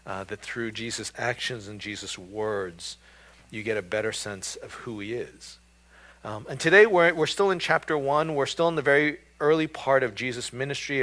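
A man's voice: medium pitch, a bit bright. Conversational man preaching a sermon. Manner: conversational, self-deprecating, with frequent fillers. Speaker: pastor.

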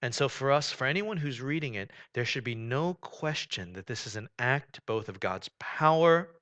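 A man preaching a sermon in a conversational way, often saying "you know", swinging between loud, emphatic stretches and quiet, low ones. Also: animated, moderate pace. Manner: conversational preaching, rising and falling in volume, frequent "you know". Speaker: pastor.

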